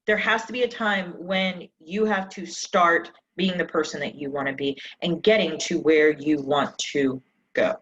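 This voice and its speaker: A woman's voice: on the low side, steady tone, a little slow, fairly bright tone, highs cut off. A woman success coach giving an emphatic motivational coaching session, full of rhetorical questions, over a live stream mic.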